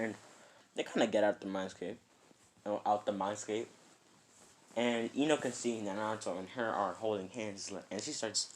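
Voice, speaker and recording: A man's voice: fairly low pitch, fairly even intonation, normal speed, slight background noise. A man casually telling a made-up fan story, rambling and filling it with "kinda" and "like".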